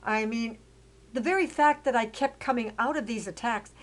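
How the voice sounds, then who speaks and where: An older woman from Canada narrating her life story over photos in a rambling way, with many fillers and restarts, growing loud and emphatic as she gets indignant. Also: fairly high pitch, normal speed. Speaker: autobiographical storyteller.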